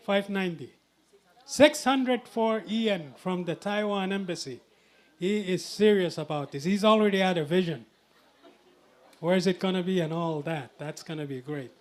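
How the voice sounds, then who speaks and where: Jovial male auctioneer, high-pitched and unhurried, teasing bidders at a live charity event.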